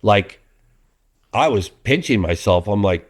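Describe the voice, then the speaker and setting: A man's voice: mid-range voice, normal speed. A middle-aged man, a documentary filmmaker, talking casually in an interview and telling stories with lots of restarts. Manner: animated storyteller, many restarts, acts out quotes.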